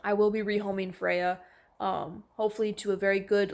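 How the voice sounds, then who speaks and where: A woman's voice: medium pitch, fairly even intonation, normal speed, a little mellow. A young woman chatting casually to camera at home, talking to her cats between thoughts. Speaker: vlogger. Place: at home, indoors.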